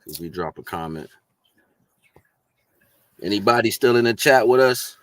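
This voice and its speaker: A man with a lowish voice and rambles through a casual livestream chat, musing aloud and checking in with the listener. The sound is dry and close, with no room around it. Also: lively intonation, normal speed, fairly bright tone, no echo. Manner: rambling, musing, lots of "you know what I'm saying".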